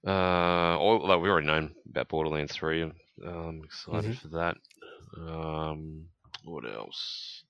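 Deep gravelly guy on a gaming podcast, kinda hesitant, trails off, muffled mic. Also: slow pace, fairly bright tone, dry recording. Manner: laid-back, hesitant, trails off. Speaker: podcast co-host. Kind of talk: casual gaming podcast chat.

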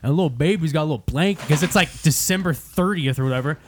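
A man's voice: on the high side, quick pace, a little hiss or hum. A young man hosting a podcast, telling a profane story in casual chat and acting out quotes. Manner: profane, animated, acts out quotes. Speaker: podcast host.

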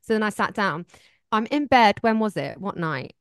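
A woman's voice: mid-range voice, lively intonation, moderate pace, no echo, clean studio sound. A woman co-hosting a podcast, chatting casually and quoting people as she tells stories. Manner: chatty, laughs easily, quotes people in her stories. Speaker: podcast co-host. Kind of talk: casual chat.

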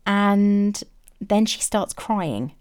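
A woman's voice: mid-range voice, lively intonation, very slow, a little mellow, clear, resonant tone. A woman frankly telling a personal story in a reflective, matter-of-fact way. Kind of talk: candid first-person storytelling.

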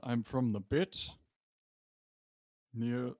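A man's voice: medium pitch, drawn-out words, darkish tone, no room sound, studio quality. A man improvising a starship captain who is secretly a space amoeba. He talks in a rambling, sheepish, hesitant way. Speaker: improv player and scene runner. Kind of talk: improvised sci-fi role-play.

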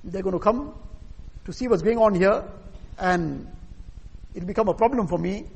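Preaching at a moderate pace, this man has a high-sitting, gravelly and husky voice. He tells a story with earnest conviction and acts out its dialogue, all in a recording with long hall reverb.

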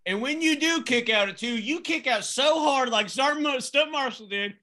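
A man's voice: extremely high pitch, moderate pace, pushed and bright. A man co-hosting a casual podcast, chiming in with profane jokes. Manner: joking, profane interjections. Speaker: podcast co-host.

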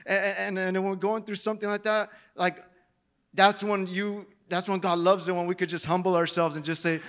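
A man's voice: high-pitched, level tone, normal speed, crowd noise, background noise. A man preaching a sermon, talking with many repeated restarts and growing emotional and pleading. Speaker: lay preacher.

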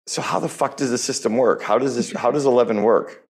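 A man's voice: medium pitch, brisk, vocal fry, slightly rough. A man hosting a podcast interview, talking enthusiastically and bluntly, with casual swearing. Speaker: podcast host.

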